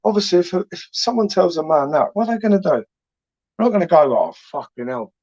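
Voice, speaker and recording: Young male streamer, crude laddish late-night banter, a bit high-pitched, dull lo-fi mic sound. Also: expressive, fast, darkish tone, no echo. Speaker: livestream host reading chat. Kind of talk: late-night live chat.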